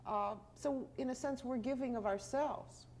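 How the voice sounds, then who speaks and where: Woman, middle-aged, panel host, lively, finishes others' sentences, faint hiss. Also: sits high, moderate pace. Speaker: discussion host. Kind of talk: televised panel discussion.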